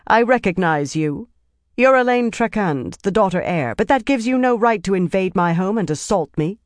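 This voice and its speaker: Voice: mid-range voice, expressive, moderate pace, dry recording, clean studio sound, voice pushed up, natural voice. A narrator doing an icy, haughty woman. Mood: icy indignation. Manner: cold, demanding.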